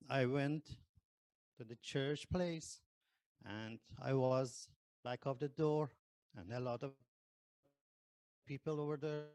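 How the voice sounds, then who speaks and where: A man who is not a native English speaker, telling his conversion testimony in hesitant English full of pauses and fillers. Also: mid-range voice, darkish tone, dry recording. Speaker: ex-Muslim convert giving testimony. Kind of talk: personal testimony.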